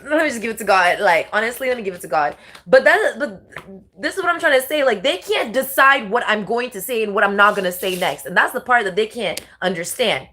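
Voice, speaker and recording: A woman's voice: fairly high pitch, lively intonation, a little fast, pushed and bright. A young woman ranting heatedly and profanely in a monologue, repeating herself and restarting sentences. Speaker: spiritual video creator.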